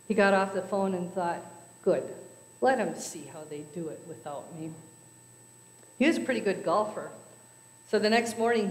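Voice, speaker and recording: A woman at a church service telling jokes to the congregation, acting out the characters. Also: mid-range voice. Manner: storytelling with voices for characters. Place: church sanctuary. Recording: echoey church hall.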